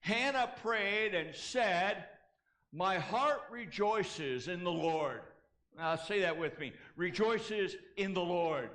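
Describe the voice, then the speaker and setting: A man's voice: sits high, animated, slow pace, fairly bright tone. A male pastor preaching a sermon, leading the congregation in call-and-response and repeating key phrases for emphasis, with casual asides. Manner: casual asides and self-corrections.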